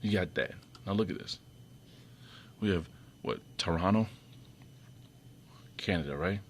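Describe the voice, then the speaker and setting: A man with a very low, deep speaking voice talks through an off-the-cuff commentary. He rambles, restarts and repeats words, and his voice often leaps up high and loud when he gets irritated. A faint hiss sits under the recording. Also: measured pace. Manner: irritated, sharp jumps up in pitch and loudness. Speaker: video commentator.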